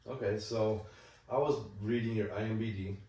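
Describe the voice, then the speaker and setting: A man with a low voice asks questions eagerly and laughs along with his guest. He is set back from the mic in a very echoey room. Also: fairly even intonation, normal speed, mellow, distant mic. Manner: eager, chuckling, chiming in over the guest. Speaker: podcast host. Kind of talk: casual interview.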